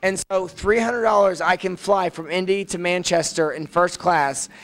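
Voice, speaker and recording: A young man with a rather high voice chats as an interview guest. He gossips bluntly and swears freely, in relaxed talk. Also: moderate pace, poor audio. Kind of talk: casual interview chat.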